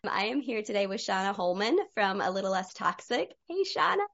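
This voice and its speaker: A podcast host chats casually and enthusiastically with a guest in an interview. Her mid-range voice moves fairly quickly, and the recording sounds muffled.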